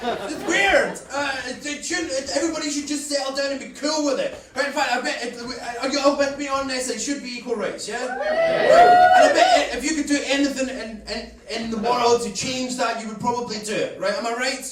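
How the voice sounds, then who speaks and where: High-voiced brash stand-up comedian. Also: male voice, lively intonation, brisk. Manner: brash, cheeky, crowd-teasing. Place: comedy club stage. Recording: echoey club from a distance, loud audience laughter.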